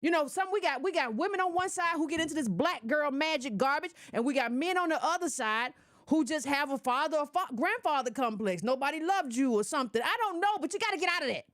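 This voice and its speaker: A woman's voice: high voice, animated, fast talker, fairly bright tone, no echo, studio quality. A woman giving casual opinion commentary to her audience, emphatic and scolding, repeating her points in slangy direct address.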